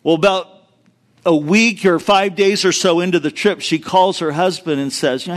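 Middle-aged male pastor, high voice, animated comic sermon storyteller. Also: a little slow. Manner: animated storytelling, acts out quoted voices, addresses the congregation directly. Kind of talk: sermon with humorous stories.

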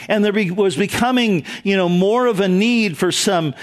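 A man's voice: high-pitched, normal speed. A middle-aged man, a pastor, telling a story in an earnest, conversational sermon.

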